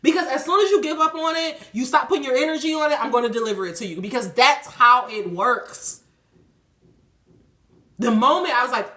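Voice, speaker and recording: A woman giving a casual spiritual reading, animated and profane, laughing often. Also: high-pitched, fairly quick. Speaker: tarot reader. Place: a room at home. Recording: echoey room.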